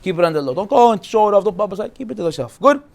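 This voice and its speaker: A man teaching a casual Torah class as a rabbi, animated and jokey, acting out quoted voices. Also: high-pitched, rapid-fire, vocal fry.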